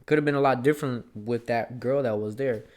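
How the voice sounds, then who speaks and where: A man's voice: medium pitch, a little fast, darkish tone, a little hiss or hum. A young man talking straight to camera in a casual monologue, rambling and earnest, dropping swear words as he goes. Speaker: vlogger.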